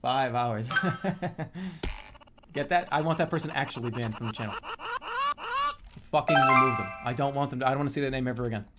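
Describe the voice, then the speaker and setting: A man's voice: mid-range voice, fairly quick, pauses often. A young man streaming a game, chatting casually and breaking into theatrical mock-angry rants full of swearing. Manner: theatrical mock-angry ranting, lots of swearing, swings to loud outbursts. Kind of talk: casual live-stream chat while gaming. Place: home streaming setup, seated at a desk. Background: game music.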